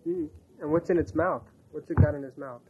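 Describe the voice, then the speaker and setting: A woman's voice: low voice, very animated, brisk, vocal fry, breathy edge, narrow, tinny audio. A woman patiently quizzing a toddler with questions during a home recording. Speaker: family member teaching a toddler.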